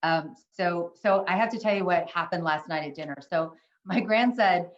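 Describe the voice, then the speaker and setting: Older lady telling a story on a zoom webinar, earnest, lots of ums, kinda low voice, echoey muffled audio. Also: moderate pace. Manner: earnest, with frequent ums and restarts. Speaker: webinar co-presenter. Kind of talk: casual storytelling to an online audience. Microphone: video call.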